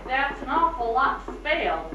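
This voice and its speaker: An actress playing a brisk, no-nonsense woman keeping house in an old film. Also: high-pitched, very animated, pushed and bright, full character voice. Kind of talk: 1940s film acting. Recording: echoey, distant, dull old film soundtrack.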